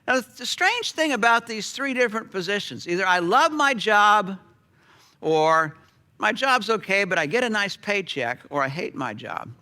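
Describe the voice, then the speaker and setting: Middle-aged man, pastor, storytelling sermon, high voice, bright tone, animated with sudden hushes.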